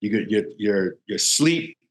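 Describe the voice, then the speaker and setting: A man who is a guest on a podcast gives measured advice, with the odd filler. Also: lowish voice, animated. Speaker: podcast guest, security veteran. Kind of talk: casual interview chat. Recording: roomy echo.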